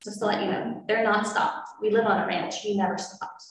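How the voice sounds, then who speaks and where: A woman's voice: medium pitch, fairly even intonation, brisk. A woman, a parent, making a public comment at a school board meeting, earnest and getting emotional. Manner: earnest, growing emotional and forceful. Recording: echoey hall, distant mic.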